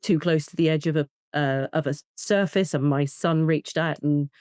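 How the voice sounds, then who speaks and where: A woman, a therapist, talking in an interview, explaining with lively examples and acting out short bits of dialogue. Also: sits low, moderate pace, smooth, dry recording, studio quality. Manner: animated, acts out child and parent voices in examples. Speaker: attachment and trauma therapist, guest. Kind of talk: conversational interview.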